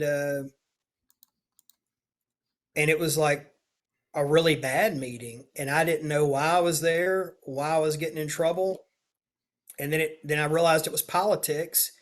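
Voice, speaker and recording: A middle-aged man speaks in a slightly higher pitch than most men. He is a state senator recounting a personal story as a guest, in an earnest, confessional way, acting out the dialogue he quotes. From Louisiana, USA. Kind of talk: personal storytelling in a podcast interview.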